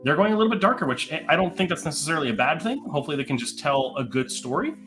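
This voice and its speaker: A man's voice: on the high side, very animated, over music. A man co-hosting a livestream, chatting casually about upcoming movies and reading out news items. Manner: upbeat, quick, reads headlines. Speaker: co-host.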